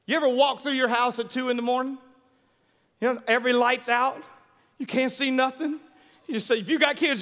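A high-pitched male pastor in his thirties preaches with lively call-and-response. His voice rings bright and forceful, carried by the long reverb of a large church hall. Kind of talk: sermon.

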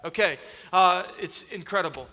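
Animated pastor preaching in a big hall. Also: male voice, high voice, moderate pace. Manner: animated storytelling, acts out voices and shouts. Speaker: executive pastor of student ministry. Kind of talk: sermon with humorous stories. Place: large church hall. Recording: long hall reverb.

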